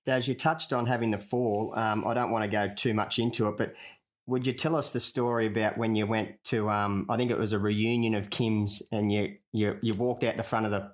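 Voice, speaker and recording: A man's voice: fairly low pitch, level tone, a little fast. A man, a former jockey, asking direct questions in an easygoing, casual interview.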